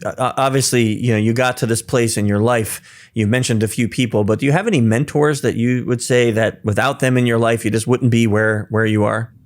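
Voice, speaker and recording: A man's voice: mid-range voice, fairly even intonation, a little fast. A man hosting a podcast interview, affable, with brief affirmations and easy laughter. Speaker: podcast host.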